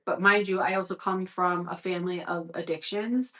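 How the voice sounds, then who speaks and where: A young woman on a livestream, telling a story from her own life in loose, candid chat. Her voice is bright and forward, and she swears freely and says "like" constantly. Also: mid-range voice, a little fast, few pauses.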